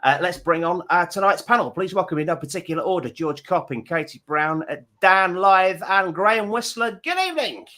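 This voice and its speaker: A man's voice: sits high, lively intonation, a little fast, hardly any pauses, pushed and bright. A man hosting a comedy panel show over a video stream, chatting casually and stumbling over his words.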